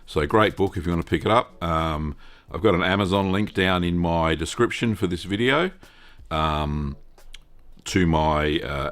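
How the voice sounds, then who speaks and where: An Australian man hosting a live-stream Q&A, talking in a rambling, casual way full of fillers and greeting viewers by name. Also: low-pitched.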